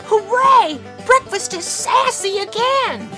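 A squeaky, very high little boy, whining slowly and drawing out his words in a mock cereal commercial. Children's jingle music plays behind him. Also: animated, exaggerated voice. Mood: gleeful. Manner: whiny and complaining, then gleeful. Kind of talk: comedy radio-ad skit.

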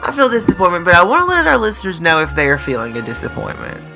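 A man in his thirties co-hosting a comedic podcast, speaking with a mock-earnest, drawn-out comic delivery. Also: high-pitched, wildly swooping pitch, gravelly, over music. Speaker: podcast co-host.

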